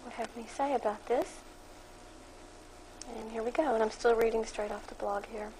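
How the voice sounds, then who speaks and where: A woman reading her own dream account aloud from her blog in a flat monotone, then adding religious commentary in a firmer voice. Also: fairly high pitch, normal speed, slight background noise, poor audio. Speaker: Christian blogger reading her dream journal.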